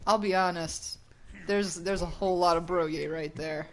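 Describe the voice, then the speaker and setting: A woman's voice: lowish voice, steady tone, moderate pace. A woman co-hosting a game stream, chatting playfully and laughing often. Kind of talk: casual chat. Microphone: desk microphone.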